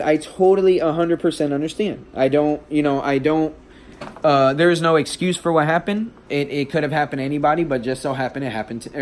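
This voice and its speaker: A man's voice: on the high side, a little mellow, a little hiss or hum. Shaken man rambling through a story. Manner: rambling, with frequent restarts and fillers; shaken, emotional retelling. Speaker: vlogger and stepdad. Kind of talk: casual storytelling vlog.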